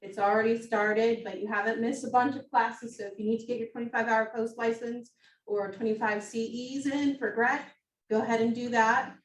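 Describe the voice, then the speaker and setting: A woman's voice: a little high, steady tone, moderate pace. A woman co-presenting at an office team meeting, friendly and encouraging. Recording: roomy, distant mic, faint noise.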